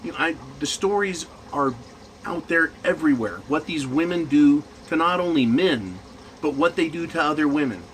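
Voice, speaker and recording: Crude mocking guy ranting, kinda high voice, bit of hiss behind. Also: lively intonation, moderate pace, rough recording. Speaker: commentator; manager. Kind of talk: ranting monologue.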